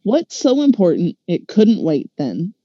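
A woman's voice: fairly low pitch, wildly swooping pitch, unhurried, dark tone, no echo, muffled recording, exaggerated voice. A woman voicing a grumpy, sleepy young boy who growls and sulks while reading a storybook aloud. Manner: growling, sulky.

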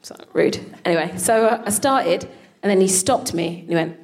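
Woman, co-host, stage comedy storytelling, animated, swears freely, laughs mid-line, live venue mic. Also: mid-range voice, moderate pace.

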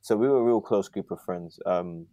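Deep-voiced man, dry sound. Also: warm tone, no echo. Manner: halting, with many restarts and fillers. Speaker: podcast guest. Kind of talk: casual conversational interview. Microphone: laptop on a video call.

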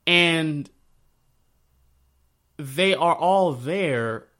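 A man telling a Bible story in a casual, slangy way, breaking into animated retellings of the scenes. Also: on the high side, very slow. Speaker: speaker sharing a faith story. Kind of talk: casual spoken reflection.

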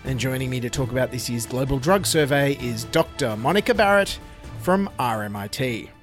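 A man's voice: medium pitch, moderate pace, soft background music. An Australian man hosting a comedy news podcast, delivering satirical commentary with sarcastic, wry asides.

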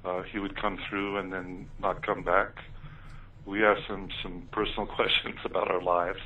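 A deep-voiced man recounts his experiences in an interview, pausing often with ums and uhs. He comes through a narrow, phone-like line, sitting back from the mic with a faint hiss behind him. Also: level tone, distant mic. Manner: hesitant, many ums and uhs. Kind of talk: interview storytelling.

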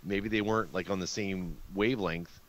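A man's voice: low-pitched, fairly even intonation, normal speed. A man in a casual podcast chat, explaining a point at length.

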